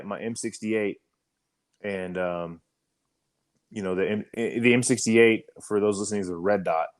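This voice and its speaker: A man on a podcast telling an army story in a casual, profane way, full of fillers and restarts. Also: low-pitched. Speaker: podcast co-host, army veteran.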